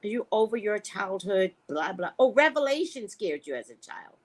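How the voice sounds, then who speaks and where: An American woman hosting a casual livestream, chatting with viewers and telling stories in a playful, profane, animated way. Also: normal speed, low-quality recording. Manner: animated storytelling with sharp pitch jumps, profane and playful. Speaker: psychic and livestream host. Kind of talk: casual livestream chat reading comments.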